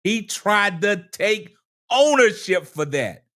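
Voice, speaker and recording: Animated, slow-talking man. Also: high voice. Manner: incredulous, dramatic emphasis, slow deliberate delivery. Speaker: co-host. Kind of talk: casual panel talk.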